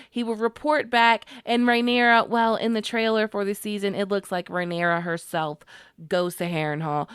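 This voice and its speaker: A woman giving a casual, expressive recap of a TV episode, slangy and emotionally invested. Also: mid-range voice, smooth, no echo, clean studio sound. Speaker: TV show reviewer.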